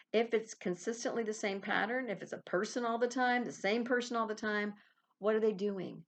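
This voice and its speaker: Woman podcast host, casual spiritual self-help talk, mid-pitched and animated. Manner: animated, laughs often, acts out little quoted exchanges.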